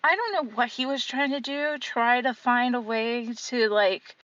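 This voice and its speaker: A woman's voice: a little high, a little slow, a bit bright, no room sound, muffled recording. A woman calling in to a podcast, telling a rambling story full of fillers. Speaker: caller. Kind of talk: casual chat.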